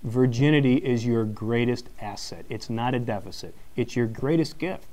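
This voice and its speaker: A man giving a live talk to an audience, a teacher telling a story with plenty of energy. He acts out the voices in his story and laughs often. His voice sits at an ordinary middle pitch. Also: moderate pace, darkish tone. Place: live conference session.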